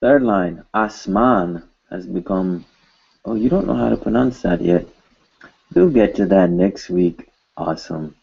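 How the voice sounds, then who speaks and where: A man talks through a recorded language lesson at a very slow, unhurried pace, his voice sitting fairly low. He keeps it informal and jokey and repeats example words slowly. The sound is dull and lo-fi. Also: vocal fry, husky. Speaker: language teacher.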